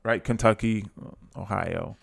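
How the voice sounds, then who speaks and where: A man's voice: lowish voice, a little slow, gravelly. A man from Delaware co-hosting a podcast, talking casually and often restarting his sentences. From Delaware, USA. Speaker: podcast co-host.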